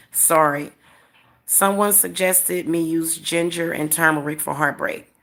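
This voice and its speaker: A woman's voice: deep voice, takes it slowly, a bit bright. A woman hosting a casual livestream as a spiritual reader, talking straight to her viewers in an emphatic, repetitive way and chuckling often.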